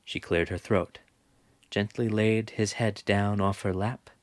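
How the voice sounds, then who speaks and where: A man narrating an audiobook chapter in a measured, expressive way. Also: fairly low pitch, no room sound, clean studio sound. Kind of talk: scripted narration.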